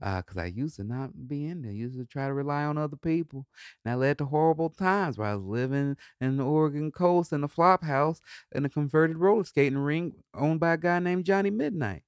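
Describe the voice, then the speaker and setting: A man hosting a podcast in a laid-back, rambling solo talk, swearing freely and breaking into high laughs. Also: fairly quick, smooth, no room sound, clean studio sound. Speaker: podcast host. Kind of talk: casual solo monologue.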